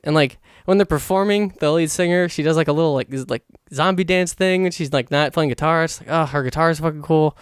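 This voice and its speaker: A young man hosting a solo podcast, rambling excitedly in a casual monologue and swearing a lot. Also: fairly high pitch, smooth, no room sound, clean studio sound. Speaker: podcast host.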